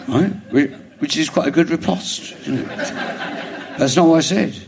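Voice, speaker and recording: A middle-aged man with a London accent, a comedian guest telling a rambling anecdote on stage before a live audience, with halting restarts, chuckling as he goes. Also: a little high, creaky, heavy background noise. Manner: rambling storyteller, halting restarts, chuckles through his stories.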